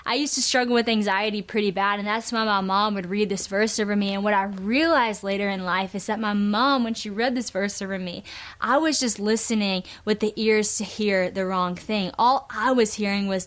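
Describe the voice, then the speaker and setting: A young woman speaks in an earnest, chatty devotional manner. She reads a scripture verse aloud and talks it through in a middle-pitched voice. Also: steady tone, moderate pace, fairly bright tone. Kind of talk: heartfelt devotional talk.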